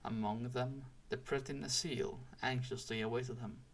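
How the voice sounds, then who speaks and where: A man reading a storybook aloud in a slow, deliberate and expressive way. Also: mid-range voice. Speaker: audiobook reader. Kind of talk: storybook read-aloud narration.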